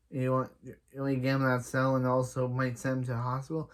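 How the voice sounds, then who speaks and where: A man casually recapping an anime episode, rambling, restarting sentences, and often trailing off quietly. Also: medium pitch, completely flat delivery, quick pace. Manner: rambling, with frequent restarts and "he's like" retellings.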